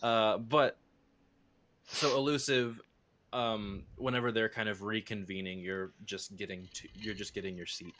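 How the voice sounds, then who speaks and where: Rambling male game master, lowish voice. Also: fairly even intonation, measured pace, fairly bright tone. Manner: rambling, many fillers and restarts. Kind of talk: narrating a tabletop game.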